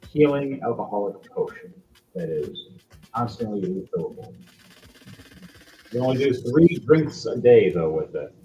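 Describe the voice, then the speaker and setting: A man's voice: lowish voice, warm tone. Man, game master, casual tabletop narration, dull sound, faint music.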